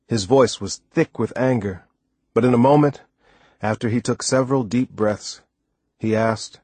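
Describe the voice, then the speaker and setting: Husky-voiced man reading an audiobook. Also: medium pitch, normal speed, no echo. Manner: steady storytelling, first person. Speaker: audiobook narrator. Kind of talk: scripted narration.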